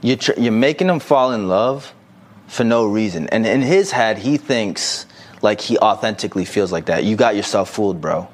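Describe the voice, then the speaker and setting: A man co-hosting a casual podcast, reading out a listener's message and giving blunt, animated advice with plenty of swearing. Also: lowish voice, moderate pace. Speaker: podcast co-host.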